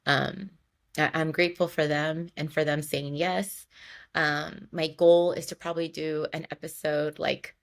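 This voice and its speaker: In a low, unhurried voice with little pitch movement, a young woman talks alone on her podcast. She's tearful and heartfelt, often repeating herself and starting over.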